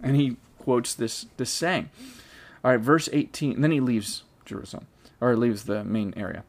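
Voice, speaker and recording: A man leads a Bible study in an easygoing, conversational manner. His voice sits at an ordinary mid pitch. He reads verses aloud, then thinks them through out loud, often stopping to restart a thought. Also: normal speed. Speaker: Bible teacher. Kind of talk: casual Bible study teaching.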